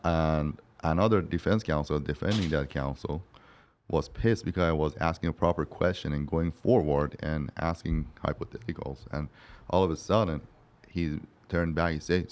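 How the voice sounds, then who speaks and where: Lively storytelling man, deep voice. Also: normal speed. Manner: animated, acts out quotes in a raised voice, laughs often. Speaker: guest, personal injury lawyer. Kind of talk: casual storytelling interview.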